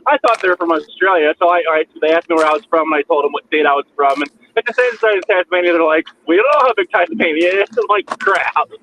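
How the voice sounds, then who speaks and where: A man's voice: a little high, very fast, fairly bright tone. A man chatting as a guest on a livestream, rambling and self-deprecating, with frequent restarts. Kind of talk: casual chat on a livestream. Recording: muffled call audio with faint noise.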